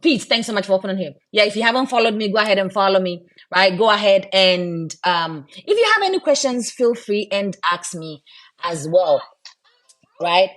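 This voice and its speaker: Brief: woman live-stream host, mid-pitched, chatty and encouraging, a mum talking to viewers. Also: animated, moderate pace, a bit bright. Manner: chatty and encouraging, often tags "right?". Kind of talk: casual live-stream chat.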